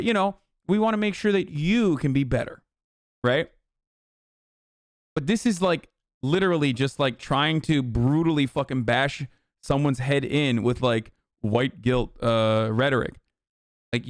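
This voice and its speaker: A man's voice: medium pitch, dry recording, clean studio sound. A man streaming live, reading text aloud and reacting with blunt, profane, exasperated rants.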